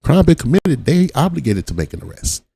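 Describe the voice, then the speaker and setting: A man's voice: a little high, sing-song, a little fast, gravelly, mellow, husky, dry recording. A man from Watts giving blunt, profane reaction commentary on a video as the channel host. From Watts, Los Angeles. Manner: blunt, profane street talk.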